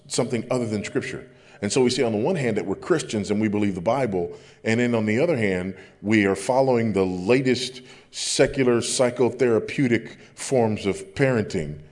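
Pastor, male, big low voice, emphatic repetition, sermon delivery. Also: a little mellow. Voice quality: big deep voice. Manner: emphatic, repeats phrases for effect.

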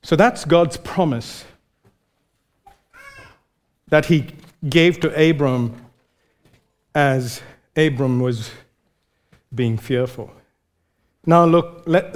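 A man's voice: medium pitch, takes it slowly, long pauses. A man preaching a sermon in an earnest, conversational way, often restarting his phrases.

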